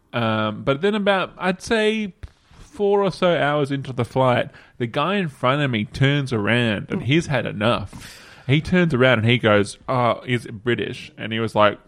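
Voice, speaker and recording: A man co-hosting a casual podcast chat, telling an animated, self-deprecating story about a long flight. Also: mid-range voice, normal speed. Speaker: podcast co-host.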